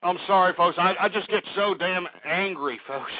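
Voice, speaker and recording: A man hosting a talk radio show, shouting and ranting angrily, repeating himself and cursing often. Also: high-pitched, moderate pace, no room sound. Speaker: radio host. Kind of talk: angry talk radio rant. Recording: tinny lo-fi phone-like sound.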